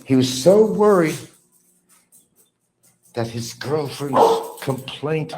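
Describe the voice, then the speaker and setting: A middle-aged man ranting bitterly on a livestream, repeating himself, mocking others and swinging between low mutters and loud outbursts. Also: lively intonation, slow pace, long pauses, a little hiss or hum. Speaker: livestream host. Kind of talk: rambling livestream rant.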